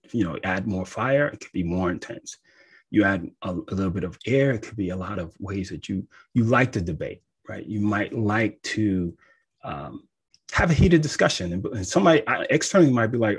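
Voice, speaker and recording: A man with a low, slightly husky voice talks through his subject in relaxed conversational teaching style. He is animated and keeps checking in with the listener. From United States. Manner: conversational, animated, often says "right?". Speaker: astrologer. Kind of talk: casual teaching talk.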